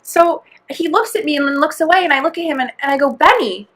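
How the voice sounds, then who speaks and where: A woman's voice: sits high, fairly even intonation, fast, a bit bright. A young woman co-hosting a podcast, telling a long story in a rambling, laughing way, full of "like" and acted-out quotes. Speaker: podcast co-host. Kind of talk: casual chat storytelling.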